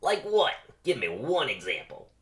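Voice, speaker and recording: A man's voice: mid-range voice, huge pitch swings, moderate pace, a bit bright. A man voicing an earnest young male bee with an odd put-on accent.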